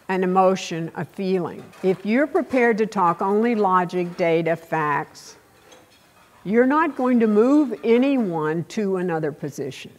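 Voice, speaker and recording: An older woman with a Texas accent giving a keynote speech, telling blunt, salty stories with dramatic pauses. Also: medium pitch. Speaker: keynote speaker.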